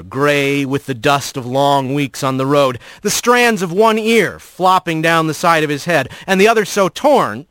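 An expressive male audiobook narrator with a slightly higher voice that rises and falls a lot. The recording is close and dry, with no room sound. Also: no room sound. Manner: expressive storytelling.

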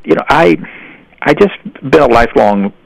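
A man's voice: medium pitch, animated, normal speed, vocal fry, no echo, low-quality recording. An older man telling folksy stories in a rambling conversational way, often restarting his sentences. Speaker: guest. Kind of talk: storytelling in casual conversation.

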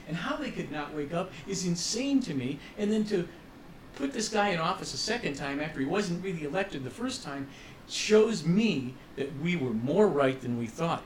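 Man, radio interview guest, impassioned, cynical, fairly high pitch, faint hiss. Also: rough recording. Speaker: musician guest.

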